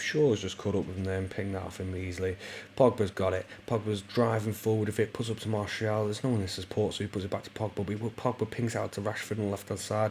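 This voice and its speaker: A man giving casual let's-play commentary on a football management game, rambling with lots of ums and bursting into excited play-by-play. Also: fairly low pitch, slight background noise. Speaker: gaming YouTuber.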